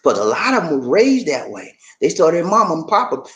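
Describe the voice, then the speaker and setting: A man giving a casual vlog monologue as a YouTube creator, animated and preachy, who keeps calling the viewer "man". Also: on the high side, brisk.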